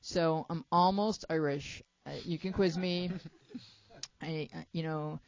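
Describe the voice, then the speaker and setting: A woman's voice: deep voice, fairly even intonation, measured pace, muffled recording. A woman hosting a talk show in a chatty, playful way, jet lagged and joking with her young panel. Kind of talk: casual chat.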